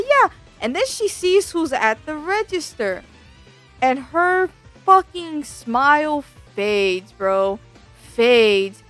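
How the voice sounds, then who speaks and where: High, animated woman ranting. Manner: animated, slangy, swears a lot. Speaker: VTuber. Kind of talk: casual storytelling rant.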